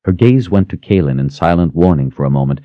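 A man narrating a fantasy story in a steady, storytelling manner, rising in tension at dramatic moments. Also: low-pitched, fast, no room sound, highs cut off. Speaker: audiobook narrator.

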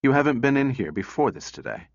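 A man's voice: medium pitch, very animated, quick pace, dry recording, lo-fi sound, pitched above the performer's own voice. Man playing a stern woman psychologist. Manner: clipped, probing questions. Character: stern woman robot psychologist, controlled anger.

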